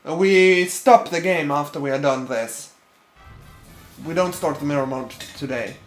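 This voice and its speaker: A man's voice: fairly high pitch, unhurried, roomy sound, soft background music. A man co-hosting a casual gaming session, making short, blunt remarks. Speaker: let's play co-host.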